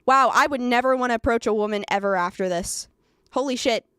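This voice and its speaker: High-voiced woman streamer, sarcastic and animated, dry close sound, trips over her words. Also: fairly quick, clean tone, no echo. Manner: animated, sarcastic, laughing, stammering restarts. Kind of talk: livestream reaction commentary.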